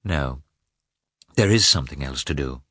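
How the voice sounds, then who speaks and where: A man's voice: animated, moderate pace, fairly bright tone, dry recording, studio quality, exaggerated voice. A man voicing a distraught, earnest woman who pleads on behalf of her friend, for an audiobook. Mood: tearful. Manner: pleading, rising into high cries. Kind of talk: audiobook character voice.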